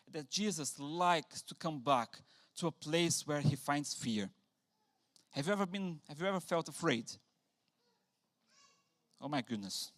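A man preaching a sermon in a church, animated, acting out quotes with sudden loud bursts. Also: fairly high pitch. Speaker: pastor.

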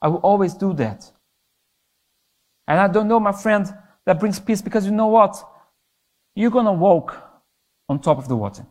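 Impassioned high-voiced male youth preacher. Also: lively intonation, moderate pace, long pauses. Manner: impassioned, rises and falls in pitch for emphasis. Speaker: youth pastor. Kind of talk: sermon.

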